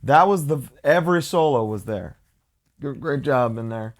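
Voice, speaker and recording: A man co-hosting a podcast speaks in a mid-pitched voice. He sounds keen as he chats and throws out short follow-up questions. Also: animated, normal speed. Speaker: podcast co-host. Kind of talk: casual chat.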